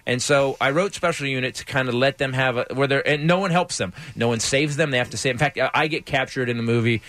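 A man who is a stand-up comedian, telling anecdotes as a guest in an animated way and often laughing mid-sentence. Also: medium pitch, no room sound. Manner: animated, fast, laughs while telling stories. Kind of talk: casual storytelling interview.

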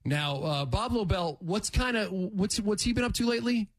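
A man's voice: sits high, expressive, normal speed. A man hosting sports talk radio, rambling and joking as he tells a story.

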